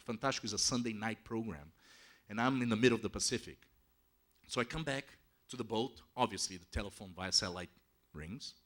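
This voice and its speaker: A man telling a travel story to an audience in a lively, conversational way, dropping in frequent "you know" asides. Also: on the low side.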